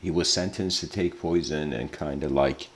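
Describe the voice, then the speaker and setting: A man's voice: extremely low pitch, normal speed. A man giving a casual lecture, rambling and informal with lots of filler words.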